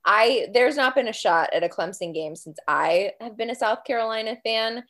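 A woman's voice: on the high side, animated, moderate pace, a bit bright. A woman guest on a podcast, chatting casually and bluntly about her college football team. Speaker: guest fan.

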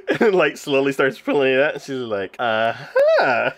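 A podcast co-host reviewing anime chats casually, retelling scenes in an animated way with a lively, swinging pitch. He laughs a lot and fills pauses with "um" and "like."

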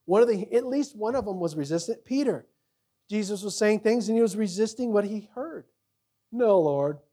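Guy pastor preaching in church, gets loud then drops real quiet, acts out the quotes. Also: sits high, fairly quick, slightly rough. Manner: swings between loud emphasis and quiet asides. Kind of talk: sermon.

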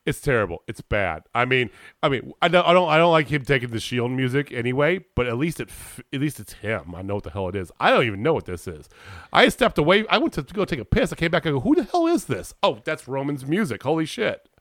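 A man in casual chat about wrestling, ranting in an animated way and swearing freely. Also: medium pitch, fast talker, no room sound, studio quality. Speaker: podcast co-host.

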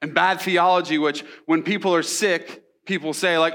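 A man's voice: on the high side, fairly even intonation, moderate pace, few pauses, fairly bright tone. A young man preaching a sermon in a casual, storytelling way, with asides and rhetorical questions. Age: young adult. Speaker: pastor.

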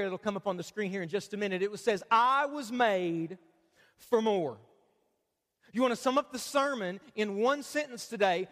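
A pastor with a very high voice delivers a sermon in a church auditorium, keeping things conversational and full of jokes as he invites the congregation to read along. The hall's long reverb lingers on his words.

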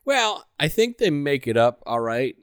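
A man's voice: fairly high pitch, sing-song, a little slow, a bit bright, smooth, no echo, studio quality. A man co-hosting a podcast in casual chat, bluntly spinning theories and swearing. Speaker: podcast co-host.

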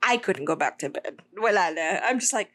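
A young woman co-hosting a podcast, telling a story in animated casual chat, swearing freely and slipping in Tagalog phrases. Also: medium pitch, brisk. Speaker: podcast co-host.

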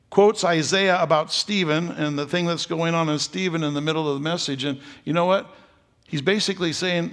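An older man preaches a folksy, joking sermon that swells into loud, emphatic passages. His voice sits a little high and has a gravelly edge. The sound carries the long reverb of a large hall. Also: normal speed. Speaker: pastor.

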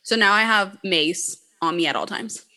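Bright-voiced woman telling blunt stories. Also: medium pitch, normal speed. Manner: blunt and profane, heavy use of "like". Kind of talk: casual chat, storytelling.

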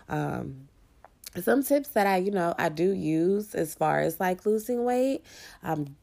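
A woman's voice: low-pitched, creaky, a little mellow. A young woman chatting casually and profanely to her vlog audience, laughing often and saying she is hungover. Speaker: vlogger.

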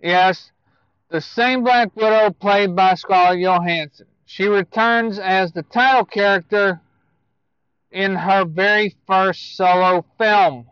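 A man giving casual movie news to viewers, speaking in a halting way with self-corrections and asides. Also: sits high, fairly even intonation, clean tone, dry recording, muffled recording.

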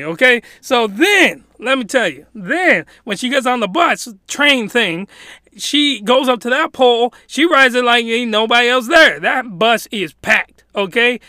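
A man excitedly recapping a story in casual chat, laughing and rambling with many restarts. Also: high voice, no echo, studio quality. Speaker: video commentator.

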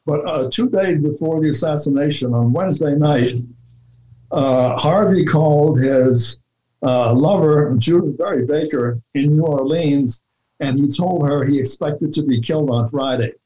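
Slow, muffled man with a dark tone. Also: on the high side. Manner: deliberate, with many fillers and restarts. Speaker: researcher guest. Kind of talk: conversational interview talk. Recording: dull lo-fi sound.

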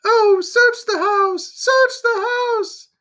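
A man reading aloud and voicing a terrified elderly mother with shrill pleading cries. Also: slow, bright, forceful tone, exaggerated voice. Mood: panicked.

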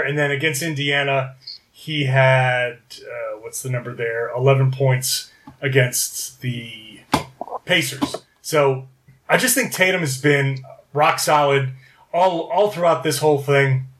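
A man co-hosts a casual sports podcast, reading off stats and correcting himself as he goes, in a fairly high-pitched, fairly bright voice.

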